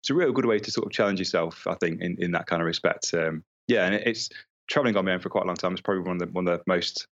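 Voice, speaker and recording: Deep-voiced young man on a dull line. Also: very fast. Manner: reflective, hesitant, many fillers. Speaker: guest, traveler and author. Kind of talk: casual conversational interview.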